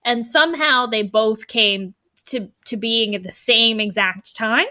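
A woman's voice: on the high side, measured pace, sharp tone, no echo. A woman co-hosting a podcast, retelling a mystery novel in a chatty, puzzled way with many restarts. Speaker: podcast co-host. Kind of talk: casual book discussion.

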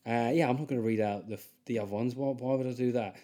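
A man's voice: medium pitch, fairly even intonation, fast, warm tone. South London male podcast host, casual, self-deprecating comic. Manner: rambling, self-deprecating, jokey. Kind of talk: casual monologue.

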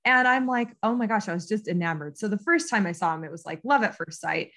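A woman's voice: lowish voice, expressive, quick pace, bright, forceful tone. An American woman in her thirties, a podcast guest recounting a story with lots of ums and laughter. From United States. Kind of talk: casual storytelling interview.

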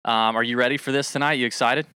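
A man hosting a casual podcast game show, energetic and joking as he hypes up a guest on a studio mic. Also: mid-range voice, fast talker, clean tone, dry recording. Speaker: show host.

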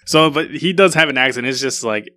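Guy cohosting a podcast, bright forceful voice, rambles and restarts a lot. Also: medium pitch, fairly quick. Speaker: podcast co-host. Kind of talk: casual chat.

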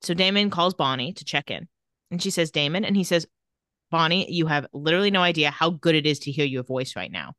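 Recap co-host, woman, crisp bright tone, dry close sound, casual chat. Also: deep voice, no room sound. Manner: retells scenes quickly, reading out dialogue in a flat voice. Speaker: podcast co-host.

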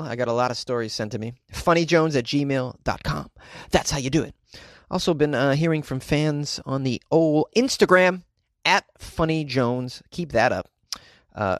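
Comedian dude podcasting from a closet, animated and jokey, slightly high voice. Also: male voice, normal speed, no room sound, studio quality. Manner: animated, riffing, self-mocking. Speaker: podcast host.

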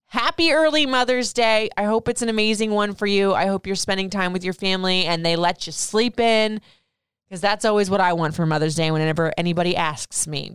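Young woman podcaster, emotional and tearful, very smooth clear voice, dry close sound. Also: mid-range voice, fairly bright tone, no echo. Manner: emotional, tearful, addressing her young son directly. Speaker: podcast host. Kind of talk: heartfelt podcast monologue.

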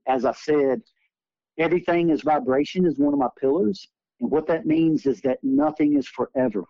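A man's voice: fairly high pitch, vocal fry, mellow, dry recording. A man in his forties, an energy healer and interview guest, telling spiritual healing stories in an earnest, emphatic way. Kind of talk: earnest conversational storytelling. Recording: dull lo-fi recording.

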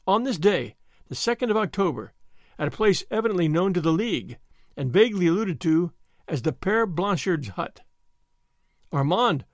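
Brief: dramatic male storyteller for an audiobook, animated and high-pitched, recorded close. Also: no echo. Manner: expressive, dramatic reading. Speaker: audiobook narrator. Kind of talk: scripted narration of a classic novel.

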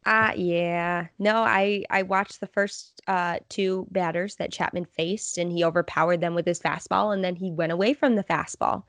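A woman with a fairly low voice, chatting casually as a sports podcast co-host. She sounds earnest and upbeat, recorded close and dry. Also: steady tone, moderate pace, few pauses, a bit bright, no echo.

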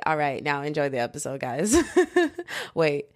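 A woman's voice: sits low, animated, measured pace, loud music behind the voice. A young woman hosting a podcast from home, talking in a chatty, rambling way full of fillers and asides. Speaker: podcast host. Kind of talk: casual podcast monologue.

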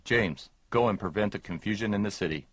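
Casting: a lifeless, low-voiced commander, quick and monotone. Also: male voice, breathy edge. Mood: flat. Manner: flat, monotone, no urgency. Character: monotone male commander giving orders.

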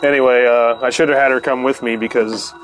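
A man's voice: medium pitch, steady tone, a little fast, a bit bright, faint music behind. A man, the host, telling a long personal story in a casual, profane way, laughing often and acting out what others said. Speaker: podcast host.

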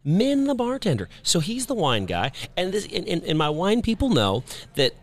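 A man from Kansas City, a radio host, telling an animated story in casual chat and acting out his own reactions. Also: high-pitched, moderate pace.

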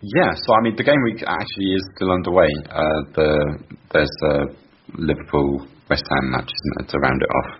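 A man co-hosting a football podcast, jokey and quick to laugh. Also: rumbling low, husky. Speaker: podcast co-host. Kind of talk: casual podcast chat. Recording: dull lo-fi audio.

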